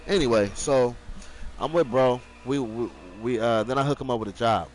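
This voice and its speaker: A man's voice: mid-range voice, normal speed, slight background noise, rough recording. A young man streaming live, telling a rambling story in casual, profane slang.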